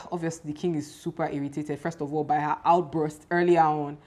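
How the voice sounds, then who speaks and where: A young woman, casually chatting and recapping a TV series in an animated, exclaiming way. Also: low-pitched, moderate pace. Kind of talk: casual chat.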